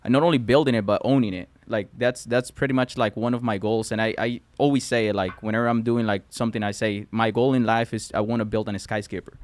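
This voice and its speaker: A man's voice: fairly low pitch, fairly even intonation, quick pace, few pauses. A man from Colombia with a Colombian accent, a Spanish native speaker, talking eagerly as a guest in a casual podcast conversation and often restarting his words. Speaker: guest entrepreneur.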